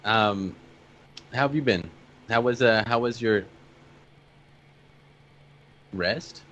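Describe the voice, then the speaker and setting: A man's voice: medium pitch, unhurried, a bit bright, muffled recording. A man playing a tabletop game, talking hesitantly with many ums and restarts. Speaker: player. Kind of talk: tabletop game role-play.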